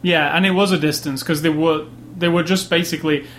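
A man's voice: a little high, fairly even intonation, brisk, fairly bright tone, a little hiss or hum. A man co-hosting a casual movie review chat, thinking aloud and often restarting his sentences. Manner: thoughtful, rambling, restarts sentences. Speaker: movie review podcast co-host.

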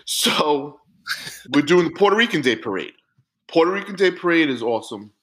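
Lively New storyteller, profane. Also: male voice, fairly high pitch, moderate pace, slight background noise, rough recording. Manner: animated, profane, acts out quotes. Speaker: podcast co-host, police officer. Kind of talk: casual storytelling chat.

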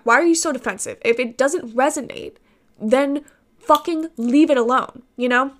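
A woman's voice: on the high side, fairly bright tone. A young woman content creator ranting casually to camera, exasperated and sarcastic, swearing often and laughing between points. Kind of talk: casual vlog rant.

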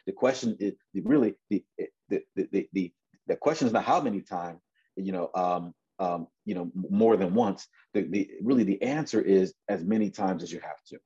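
A man in his forties delivers a sermon in a loose, conversational style, stumbling over and repeating words as he goes. His voice sits a bit low and sounds husky and mellow. The recording is dull and lo-fi. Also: normal speed. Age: 40s. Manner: conversational, repeats words and restarts, acts out voices in Bible stories. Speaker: preacher.

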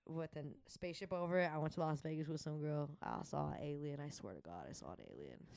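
A woman's voice: low voice, animated, fast talker, gravelly, a little mellow, no room sound, clean studio sound. A young woman in her twenties co-hosting a casual podcast, telling stories bluntly with lots of slang and profanity. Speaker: podcast co-host. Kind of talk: casual chat.

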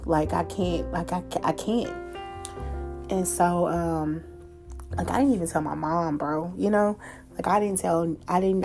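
A woman's voice: on the low side, warm tone. A young woman hosting her own show, telling a personal story in a candid, casual way with frequent swearing and fillers. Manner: candid, profane, conversational with fillers. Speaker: podcast host.

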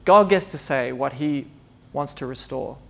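Gravelly-voiced preacher, chatty and animated. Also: male voice, medium pitch, unhurried, a little hiss or hum. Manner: chatty, laughing asides, acts out dialogue. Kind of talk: informal conversational sermon.

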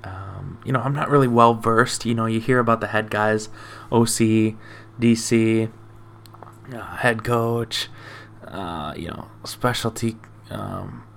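A man's voice: lowish voice, steady tone, takes it slowly, gravelly, fairly bright tone, a little hiss or hum. A young man hosting a sports show, chatting casually and rambling with self-deprecating asides. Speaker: sports podcast host.

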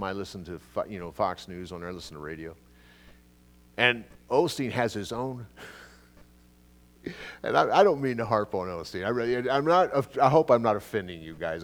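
Animated preacher with a lively voice. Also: male voice, mid-range voice. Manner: animated, swings between loud emphatic bursts and quiet asides. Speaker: pastor. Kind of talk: expository sermon.

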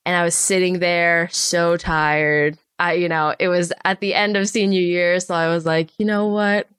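Lively young woman telling stories, dry sound. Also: lowish voice, normal speed, clear, resonant tone, dry recording. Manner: animated, acts out quoted voices. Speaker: storyboard artist guest. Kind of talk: casual interview storytelling.

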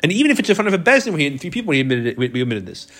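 A man's voice: fairly high pitch, big pitch swings, racing, fairly bright tone. Man teaching a Talmud class. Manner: explains step by step, repeats words, restarts often. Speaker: Torah teacher.

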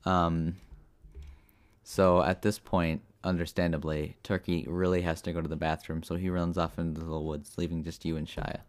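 A young man co-hosting a comedy podcast, setting up an absurd scenario in a deadpan way with many pauses and ums. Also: low-pitched. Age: young adult. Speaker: podcast co-host running the improv scenario. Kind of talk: casual improv chat.

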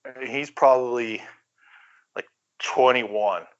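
A middle-aged man from the Bay Area, a guest telling stories casually, animated, swearing freely and acting out quoted voices. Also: mid-range voice, slow pace. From San Francisco Bay Area. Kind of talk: casual storytelling. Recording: slightly dull lo-fi recording.

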